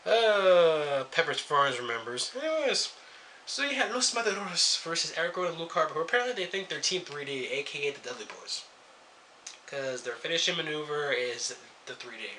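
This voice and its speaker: A man's voice: on the high side, animated, brisk, bright, forceful tone, a little hiss or hum. A young man reviewing a wrestling show in a casual rant, sarcastic and swearing freely as he jumps between topics.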